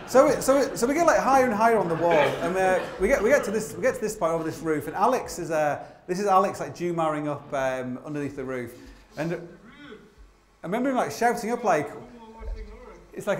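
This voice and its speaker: A man's voice: high-pitched, animated, fairly quick. A man telling rambling, comic climbing stories live on a theatre stage, full of fillers and the odd swear word. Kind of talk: live comic storytelling talk. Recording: roomy theatre sound with faint noise.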